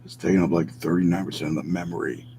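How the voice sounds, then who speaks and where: A man's voice: low-pitched, fairly even intonation, fast talker, vocal fry, mellow, slight background noise, rough recording. A man giving a casual commentary vlog from his computer, thinking aloud with fillers and self-corrections. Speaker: YouTuber.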